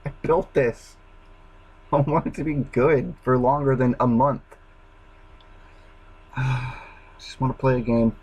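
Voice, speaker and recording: A man's voice: medium pitch, steady tone, moderate pace, darkish tone, breathy edge, poor audio. A man ranting alone to his camera, exasperated, swearing constantly and restarting his sentences. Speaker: gaming vlogger. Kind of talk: frustrated solo rant.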